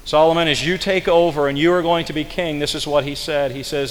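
A man preaching a sermon in a church, his voice a little higher than most and carrying a long reverb from the hall. He drops to soft, low passages and then climbs to loud, emphatic peaks. He stretches the words out slowly whenever he quotes scripture. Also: steady tone, slight background noise. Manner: slow, drawn-out delivery when quoting scripture.

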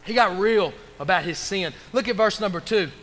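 A pastor delivers an emphatic sermon, his voice pitched high and bright. He preaches with a call-and-response feel, leaning into repeated phrases. The sound carries a long reverb from the church sanctuary. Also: moderate pace.

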